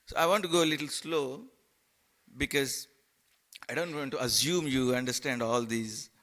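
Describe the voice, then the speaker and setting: A man preaching a sermon in a temple hall, halting and repeating words, with playful asides. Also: mid-range voice, a bit bright.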